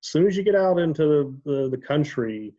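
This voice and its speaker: A man with an Ohio accent telling relaxed stories as a guest in casual chat, often pausing with ums and correcting himself. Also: fairly high pitch, lo-fi sound. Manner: relaxed storytelling with frequent ums and self-corrections. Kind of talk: casual video-call chat.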